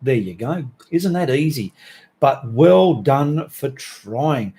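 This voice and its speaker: A man's voice: on the high side, animated, a little slow, warm tone, breathy edge. A middle-aged Australian man hosting a live stream, reading out viewers' chat messages in a chatty, joking way full of Aussie slang.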